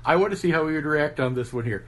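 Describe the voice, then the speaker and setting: A man's voice: on the high side, expressive, quick pace, a bit bright. A man co-hosting a podcast, telling stories in casual chat with lots of fillers and laughs. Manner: rambling storyteller, laughs often, many fillers. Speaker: podcast co-host.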